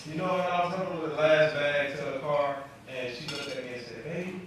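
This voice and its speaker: Stand-up comic in an echoey club. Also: male voice, on the high side, measured pace. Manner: loose storytelling, acting out family members. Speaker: stand-up comedian. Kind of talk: stand-up comedy set. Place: comedy club. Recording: echoey club from far off, noisy.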